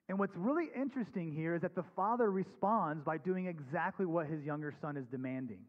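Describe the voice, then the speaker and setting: A man's voice: a little high, brisk, few pauses. A man preaching a sermon as pastor, reading scripture aloud and then explaining it in an earnest, conversational way. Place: church sanctuary. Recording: dull recording with long hall reverb.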